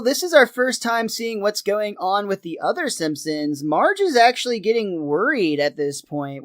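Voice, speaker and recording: A man's voice: sits high, dry recording. Chatty man recapping, dry sound. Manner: chatty, laughs between lines. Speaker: podcast co-host. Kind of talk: casual episode recap.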